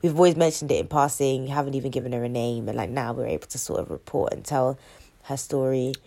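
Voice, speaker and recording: A woman co-hosting a podcast in casual chat, nasal and run down with a cold, chatty and animated. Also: a bass voice, quick pace, gravelly. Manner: chatty, animated, trailing fillers. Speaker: podcast co-host.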